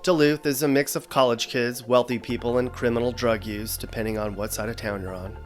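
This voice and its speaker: Dry, deadpan male comedy narrator. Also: mid-range voice, a little fast, soft background music. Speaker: host.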